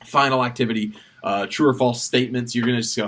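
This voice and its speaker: A man leading children's ministry, briefing volunteers in a relaxed, chatty, self-deprecating way. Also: mid-range voice, moderate pace. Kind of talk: casual volunteer training briefing.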